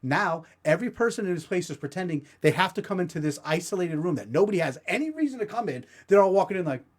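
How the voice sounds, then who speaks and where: On his podcast, a man with a high voice talks fast and animatedly while telling a comedic story. He keeps it casual, profane and self-deprecating.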